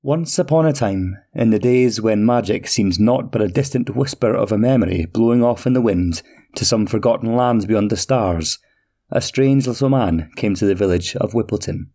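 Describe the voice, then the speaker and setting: A man hosting a podcast and narrating a fairy tale in a slow, measured storytelling manner. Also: lowish voice, dark tone.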